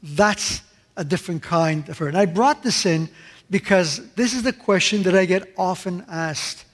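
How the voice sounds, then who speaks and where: A man preaching a sermon, explaining scripture with lively rhetorical asides to the congregation. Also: high voice, moderate pace. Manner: animated, rhetorical asides asking the audience. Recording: long hall reverb.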